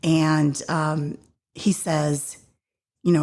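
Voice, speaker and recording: A woman's voice: sits low, measured pace. A woman hosting a podcast, casually retelling a faith story with many fillers and acted-out quotes. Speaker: podcast host.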